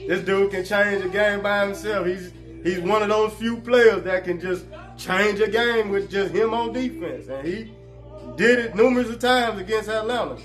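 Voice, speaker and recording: A man hosting a casual sports talk show, animated and joking, full of slang. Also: high-pitched, moderate pace, faint music behind.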